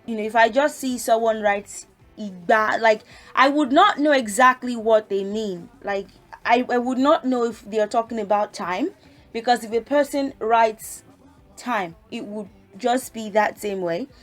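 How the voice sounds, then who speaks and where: Slow-speaking woman teaching a language. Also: on the high side, faint music behind. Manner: slow and careful, reciting letters one by one, relaxed asides with fillers. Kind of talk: casual spoken lesson.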